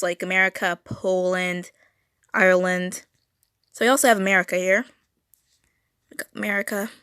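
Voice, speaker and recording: A woman's voice: medium pitch, fairly bright tone, clean tone, no echo, studio quality. Rambling young woman streaming her drawing. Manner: rambling, stuttering, self-correcting. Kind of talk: casual drawing livestream chat. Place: home room.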